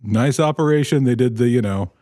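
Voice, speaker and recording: A man's voice: mid-range voice, a little fast, dark tone, no room sound, studio quality. A man in casual chat on a podcast, ranting with energy and laughing at his own jokes. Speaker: podcast co-host.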